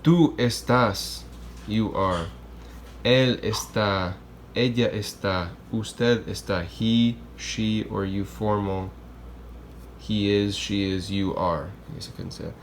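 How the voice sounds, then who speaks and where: A man's voice: fairly low pitch, fairly even intonation, unhurried, a little hiss or hum. A man who teaches Spanish, explaining grammar in a casual, chatty classroom style and often checking in with "okay?" and "right?".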